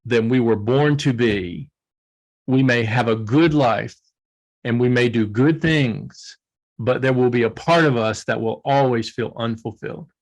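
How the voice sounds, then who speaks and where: A man's voice: mid-range voice, unhurried, low-quality recording. A man speaking as an interview guest, earnest and emotional, repeating his key points. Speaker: guest author. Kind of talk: heartfelt interview answers.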